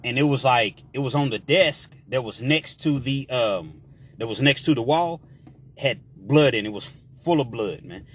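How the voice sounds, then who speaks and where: A man telling a story in a casual, slangy way, with animated delivery and shouted sound effects. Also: mid-range voice, normal speed, slight background noise.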